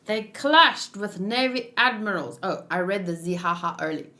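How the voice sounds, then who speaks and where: A woman's voice: medium pitch, animated, normal speed, hardly any pauses, bright, forceful tone. A young woman reading a manga aloud with casual commentary, playful and giggly, making her own sound effects. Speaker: manga read-along host.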